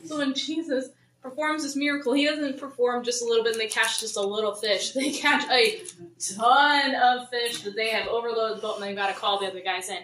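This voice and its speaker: Her voice is a little high and brisk, with a bit of hiss or hum in the audio. She teaches a casual Bible study to a congregation, chatty and voicing the people in the story in lively paraphrase, recorded in a roomy church hall from a distant mic.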